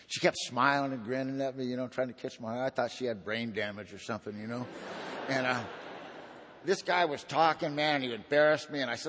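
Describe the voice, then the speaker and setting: A man speaking at a recovery meeting, telling his own story in a folksy, slangy way, swinging between loud and hushed. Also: medium pitch, brisk. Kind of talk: personal testimony talk. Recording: long hall reverb.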